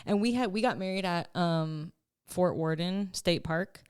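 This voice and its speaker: Chatty woman with a smooth, lowish voice. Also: unhurried, a little mellow, no echo, clean studio sound. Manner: chatty and emotional, laughs often, lots of "like". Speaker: life coach. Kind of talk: casual podcast chat.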